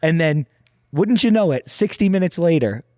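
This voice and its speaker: Casting: slightly high-voiced male podcast co-host, hungover, profane rambling storyteller, dry close mic. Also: expressive, normal speed, darkish tone, no room sound. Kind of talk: casual storytelling banter.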